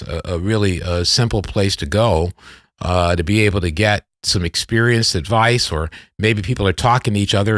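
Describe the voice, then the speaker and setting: A man in his fifties hosts a podcast with a low, dry-sounding voice. He tells stories casually and circles back on himself often, restarting sentences as he goes. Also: dry recording. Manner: rambling, animated storyteller with many restarts. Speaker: podcast host. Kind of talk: casual storytelling interview.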